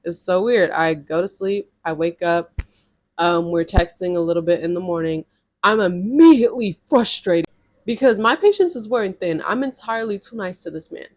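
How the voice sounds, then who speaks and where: A young woman in her twenties telling a personal story in casual storytime chat, animated and full of "like". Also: fairly low pitch, normal speed. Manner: animated, chatty, lots of filler "like". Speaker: vlogger.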